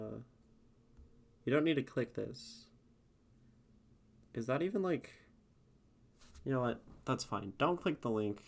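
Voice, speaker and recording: Slow, chatty male streamer. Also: mid-range voice. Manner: chatty, laughs often, reads aloud unsteadily. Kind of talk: casual live-stream chat.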